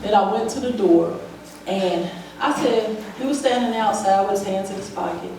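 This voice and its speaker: Woman, church testimony; lively storyteller who acts out every voice; mic set back, very roomy hall sound. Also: medium pitch, moderate pace. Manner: vivid storyteller, acts out the dialogue. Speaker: church member giving testimony. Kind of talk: personal testimony at a church service. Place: church sanctuary. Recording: very echoey hall, voice from far off, faint noise.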